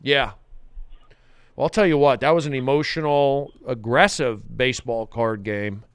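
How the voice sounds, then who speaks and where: A man hosting a comedic podcast in a studio, intense and repetitive, swinging from muttering to loud outbursts. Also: mid-range voice, steady tone, a little slow, clear, resonant tone, dry recording. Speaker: podcast host.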